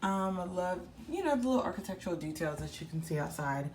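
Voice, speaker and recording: A woman's voice: fairly low pitch, lively intonation, quick pace, darkish tone, slight background noise. A young woman giving a chatty, slangy hotel room tour in casual vlog style, with many fillers. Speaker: vlogger.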